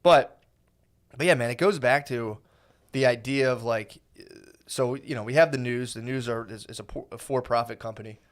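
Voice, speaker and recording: A man's voice: mid-range voice, moderate pace. A man co-hosting a podcast in casual chat, rambling with lots of fillers, swearing and quoting people in mock voices. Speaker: podcast co-host.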